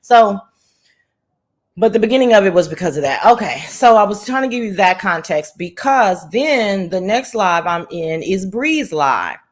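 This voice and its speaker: A woman's voice: medium pitch, expressive, normal speed. A woman guest recounting online drama in casual chat, blunt and profane, openly irritated. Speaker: guest and live-chat moderator.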